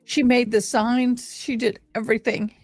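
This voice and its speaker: A woman's voice: on the high side, little pitch movement, moderate pace, a little mellow, no echo. A woman livestreaming a game in a casual chat, talking straight to her viewers. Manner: chatty, addresses viewers directly. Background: faint game music.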